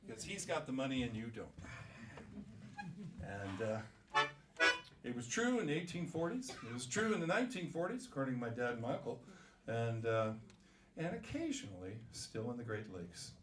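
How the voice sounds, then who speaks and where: An older man, a folk singer, chatting between songs at a live coffee house concert in a relaxed, storytelling way as he leads the crowd in singing. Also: medium pitch, normal speed, far from the mic. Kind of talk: between-song stage patter at a live concert. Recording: echoey live room, heard from afar. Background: acoustic guitar.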